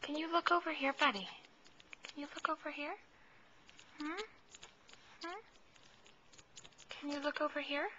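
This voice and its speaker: A woman's voice: sits high, fairly even intonation, a little slow, long pauses, pushed and bright, slight background noise. A mother talking baby talk to her infant at home in a sing-song, coaxing way, filmed on a handheld camcorder. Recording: dull lo-fi camcorder audio.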